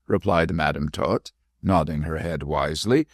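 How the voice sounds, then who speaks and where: A man narrating an audiobook in a measured storytelling manner. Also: low-pitched, no room sound, clean studio sound. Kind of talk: scripted narration.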